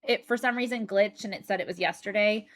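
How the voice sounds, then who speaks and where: A woman's voice: medium pitch, fairly quick. Woman, livestreamer, casual chat, rambling, lots of fillers. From United States. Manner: chatty and rambling, with frequent fillers and restarts. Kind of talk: casual chat while reading chat.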